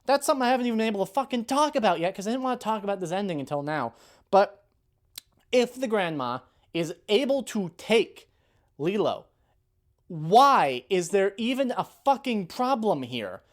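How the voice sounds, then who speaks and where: A woman's voice: medium pitch, big pitch swings, moderate pace. A woman ranting in a video review, heated and exasperated, swearing freely and sighing between points. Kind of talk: ranting commentary.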